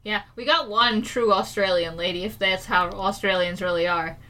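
A young American woman in casual chat, acting out quoted lines with big pitch jumps. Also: normal speed, sharp tone, slight background noise. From United States.

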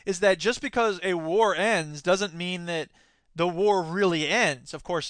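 Man, podcast host, sarcastic, animated, high bright voice, dry sound. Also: no room sound. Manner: sarcastic, animated, argues with himself. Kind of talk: solo news commentary podcast.

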